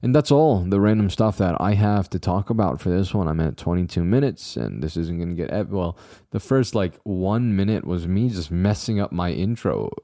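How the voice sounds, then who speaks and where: A man's voice: low-pitched, lively intonation, normal speed, mellow, no echo, studio quality. A young man hosting his own podcast, rambling casually with jokey, self-deprecating asides to his listeners. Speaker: podcast host. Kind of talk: casual solo podcast monologue.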